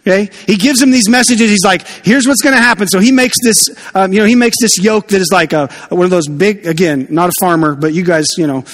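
A man preaching a sermon in a church, chatty and animated with jokey asides. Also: sits high, brisk, hardly any pauses, big-room sound. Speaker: pastor.

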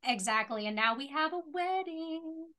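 A woman's voice: high voice, lively intonation, normal speed, pushed and bright. A woman co-hosting a podcast in casual chat, opinionated and retelling scenes in detail. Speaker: podcast co-host. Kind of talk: casual chat and episode recap.

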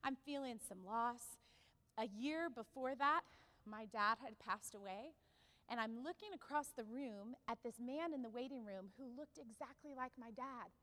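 A woman pastor preaching a sermon, telling a personal story with animated delivery and asking the congregation questions. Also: a little high, normal speed, in a large hall.

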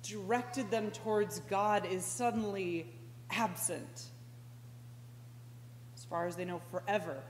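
A woman preaching a conversational sermon as a pastoral intern, slow and reflective, with sudden animated outbursts. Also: mid-range voice. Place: church sanctuary. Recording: echoey church hall with faint hum.

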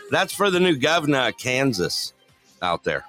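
A talk show host with a mid-range, sharp-toned voice runs a casual, upbeat talk radio chat, greeting callers and laughing often.

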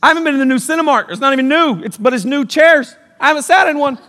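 Energetic preacher man in a reverberant hall. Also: very high-pitched, fast. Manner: energetic, jokey, swings between loud and hushed. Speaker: youth pastor. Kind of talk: sermon. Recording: long reverb of a large hall.

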